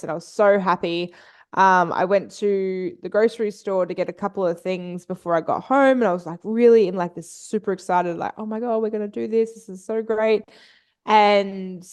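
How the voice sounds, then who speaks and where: A woman guesting on a podcast, telling a personal story candidly and swearing freely. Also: medium pitch. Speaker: podcast guest, business and mindset coach.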